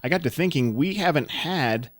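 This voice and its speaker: A man's voice: on the high side, moderate pace, no echo. Riled-up male storyteller, dry sound. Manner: animated storyteller, gets loud and riled up. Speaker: podcast co-host. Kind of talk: casual chat.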